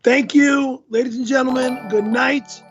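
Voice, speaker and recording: A male host slowly reading out social links and a mailing address to close his live stream, halting with fillers. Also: very high voice, steady tone, soft background music. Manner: slow, halting plug reading with filler ums.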